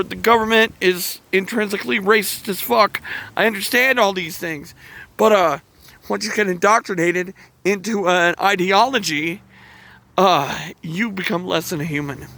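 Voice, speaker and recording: High-voiced man ranting angrily. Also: normal speed, bright, forceful tone. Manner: angry, profane ranting with sighs and restarts. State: emotional. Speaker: channel host. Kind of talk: heated monologue to camera.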